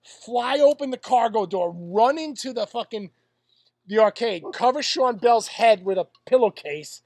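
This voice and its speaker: A man's voice: high voice, normal speed, vocal fry, no room sound, clean studio sound. A man co-hosting a casual podcast, rambling through stories and swearing freely. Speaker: podcast co-host. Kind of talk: casual chat.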